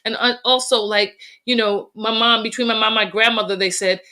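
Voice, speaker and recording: Bright-voiced, animated woman telling stories. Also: fairly high pitch, fairly quick. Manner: animated, laughs through funny stories. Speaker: podcast guest. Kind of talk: casual storytelling chat.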